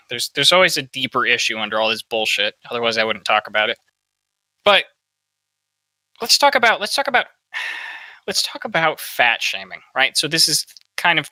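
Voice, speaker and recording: A man's voice: medium pitch, pushed and bright, no room sound, low-quality recording. A man hosting a podcast, giving opinionated political commentary and asking "right?" often. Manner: opinionated, peppers talk with "right?". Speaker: podcast host.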